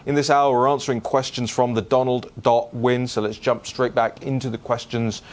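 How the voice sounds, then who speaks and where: Animated man hosting a call-in commentary show. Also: mid-range voice, normal speed. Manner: animated, with frequent restarts and repeated words. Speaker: show host answering listener questions. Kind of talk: casual political commentary.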